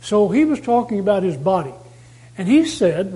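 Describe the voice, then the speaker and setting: A man's voice: sits high, big pitch swings, moderate pace, a little mellow, poor audio. A man preaching a sermon, emphatic, repeating key phrases to drive them home.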